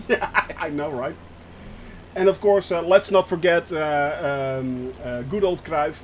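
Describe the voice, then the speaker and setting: A man's voice: fairly high pitch, lively intonation, measured pace, slight background noise, rough recording. A man with a Dutch accent chatting casually on a flight sim livestream, laughing often and repeating himself. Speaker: streamer.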